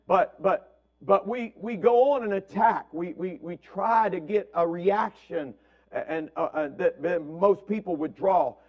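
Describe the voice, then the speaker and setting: A man's voice: high-pitched, muffled recording. A man preaching a conversational sermon as pastor, repeating words and checking in with "right?". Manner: asks "right?" constantly, repeats words, acts out family quotes.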